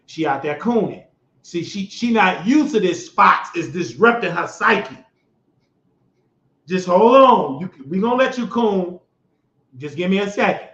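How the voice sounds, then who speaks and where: A man with a high voice hosts his own show and tears into politics in a loud, mocking rant, climbing to shouts as he gets worked up. The sound is roomy and a little dull, as if from a home setup. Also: animated, unhurried. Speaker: show host. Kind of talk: heated political commentary.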